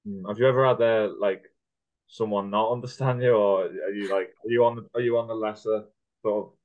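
A man's voice: fairly low pitch, steady tone, fairly quick. A man asking interview questions hesitantly, restarting as he goes. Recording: tinny phone-like line, from far off.

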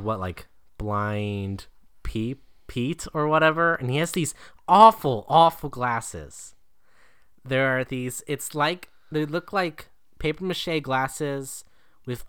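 Bright-voiced joking man in film chat. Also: medium pitch, smooth, no echo, studio quality. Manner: joking, laughs often, sarcastic. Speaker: podcast co-host reviewing a film. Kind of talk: casual chat.

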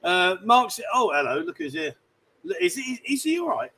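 Cheeky guy hosting a bar stream, high voice, rambles and teases. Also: sing-song, moderate pace, sharp tone, breathy edge, low-quality recording. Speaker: livestream host. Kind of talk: casual banter. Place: bar, indoors.

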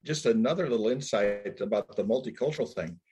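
Brief: male interviewer, low husky voice, reflective, thinks aloud. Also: expressive, brisk, warm tone.

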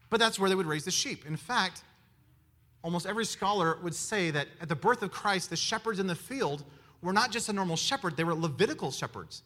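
A man preaching a sermon in an animated way, firing rhetorical questions at his listeners. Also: sits high. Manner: animated, asks the audience many rhetorical questions.

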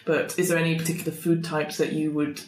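A woman narrating a tabletop role-playing game as game master, chatty and halting, with many fillers. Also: sits low, little pitch movement, a little mellow. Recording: echoey room.

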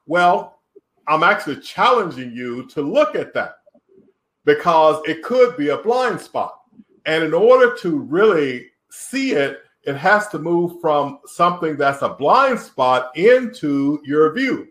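A man leads a webinar lesson with a lively, swooping voice, stressing key words and asking rhetorical questions. He sounds like he is in a roomy, echoing space. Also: on the high side, a little slow. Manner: emphatic, with rhetorical questions and acted example lines. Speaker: webinar co-presenter. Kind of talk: teaching talk to business couples.

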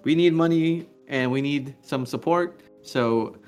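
A man's voice: fairly high pitch, a little slow, darkish tone, faint music behind. Rambling, laughing male podcast co-host. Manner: rambling, laughs often, playful. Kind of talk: casual chat.

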